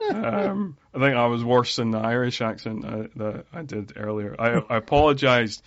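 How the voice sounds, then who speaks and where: A man's voice: medium pitch, lively intonation, normal speed, gravelly, fairly bright tone. Rambling man on a podcast, lo-fi. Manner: rambling with many fillers and laughs. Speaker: podcast co-host. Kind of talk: casual podcast chat about a film. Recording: dry, dull lo-fi audio.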